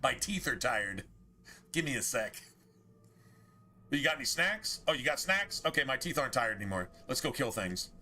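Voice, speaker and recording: A man's voice: mid-range voice, very animated, moderate pace, long pauses, pushed and bright, a little hiss or hum. A man voicing a lazy, sleepy male war dog from a game who grumbles about naps and snacks. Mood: lazy grumbling.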